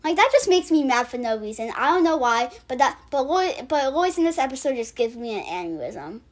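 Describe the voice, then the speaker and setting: High-voiced rambling woman ranking episodes. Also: sing-song, fairly quick. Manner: rambling, with frequent restarts and filler words. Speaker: channel host. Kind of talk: casual episode-ranking commentary.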